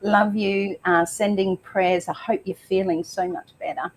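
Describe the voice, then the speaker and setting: A woman's voice: mid-range voice, steady tone, a little slow, slight background noise, poor audio. A middle-aged Australian woman hosting a live online show, greeting viewers by name in a chatty way with lots of fillers and a slight tickle in her throat. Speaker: livestream host. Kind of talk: upbeat live show welcome.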